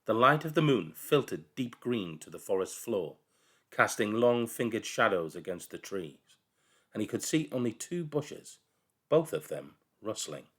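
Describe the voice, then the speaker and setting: Man, storybook reading, animated rise and fall, expressive. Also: lowish voice, a little slow, breathy edge. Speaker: reader. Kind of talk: reading a children's novel aloud.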